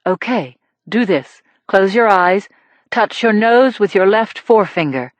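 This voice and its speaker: A woman voicing a young male emergency doctor who speaks low and steady. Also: a little slow, no echo, highs cut off, natural voice. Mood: reassuring.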